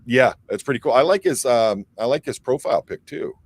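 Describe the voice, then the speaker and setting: A man's voice: mid-range voice, expressive, fairly quick, slightly rough, dry recording. A man from the Detroit area hosting a casual livestream, reading viewer comments aloud and rambling with plenty of fillers. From Michigan, near Detroit. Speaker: livestream host reading chat.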